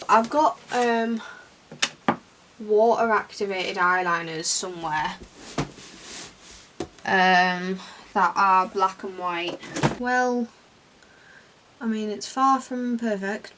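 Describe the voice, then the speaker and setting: A woman's voice: medium pitch, background noise. Chatty English woman rambling through makeup. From England. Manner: rambling, self-deprecating, chatty asides. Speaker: beauty vlogger. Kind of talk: casual chat while doing makeup.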